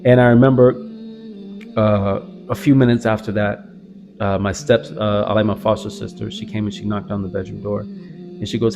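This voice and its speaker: A man's voice: lowish voice, normal speed, creaky, lo-fi sound. A young man from the American South earnestly telling his own life story, reflective, with many "like" fillers. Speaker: convert sharing his story. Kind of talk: personal storytelling. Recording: strong background music.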